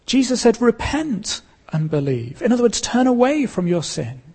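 Male pastor, sermon delivery, earnest and emphatic, gravelly voice. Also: extremely high pitch, big pitch swings, darkish tone, long reverb tail. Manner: earnest preaching with pauses and emphatic repetition.

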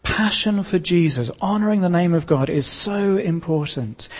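A man preaching a sermon as pastor of his church, earnest and emphatic, repeating key lines with pauses. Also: sits high, expressive, in a large hall.

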